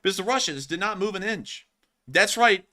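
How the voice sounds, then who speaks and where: Lively, excitable male stream host. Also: high-pitched, normal speed. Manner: excited, joking, laughs often. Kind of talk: live-stream war commentary.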